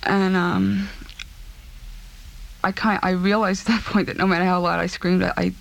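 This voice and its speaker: A woman recounting a personal ordeal in an interview, speaking in a halting, subdued way and repeating herself. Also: lowish voice, level tone, creaky.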